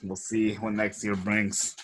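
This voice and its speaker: A man's voice: on the low side, little pitch movement, takes it slowly, slight background noise. Easygoing man in casual sports chat.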